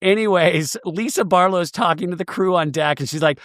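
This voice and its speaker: A man hosting a podcast, recapping a reality show in a jokey, animated way and slipping into quick mock voices. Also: high voice, dry recording, studio quality. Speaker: podcast host.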